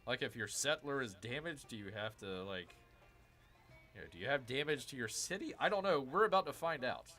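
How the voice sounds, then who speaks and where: Male game streamer, lively swooping delivery, bright voice, faint music underneath. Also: medium pitch, brisk. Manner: excitable, exclaims and addresses viewers as "people". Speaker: gaming streamer. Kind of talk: live game commentary, reading chat.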